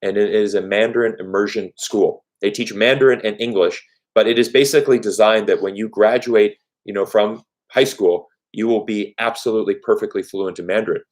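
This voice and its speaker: A man's voice: on the low side, steady tone, a little fast. A man hosting a live Q&A stream, talking earnestly and telling stories with lots of "you know" fillers. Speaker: livestream host. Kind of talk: live Q&A chat. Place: Vancouver, Canada.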